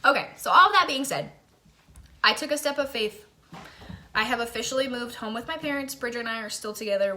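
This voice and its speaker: A woman's voice: medium pitch, bright, forceful tone. A young woman telling a personal faith testimony in a vlog, emotional and chatty, often breaking into laughter. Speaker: faith vlogger.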